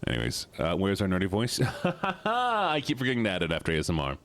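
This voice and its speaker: A man's voice: low voice, wildly swooping pitch, a little fast, fairly bright tone. A man streaming a video game, joking with his chat and reading the game's text aloud. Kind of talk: casual livestream commentary.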